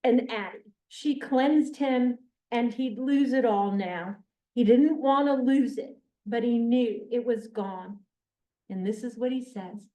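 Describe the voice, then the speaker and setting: Speaking slowly in a fairly high, dark-toned voice, a woman reads from a novel and then discusses it with her group in an earnest, emphatic manner, making sure everyone keeps up. The setting is a classroom or church meeting room, recorded with a distant mic in an echoey space.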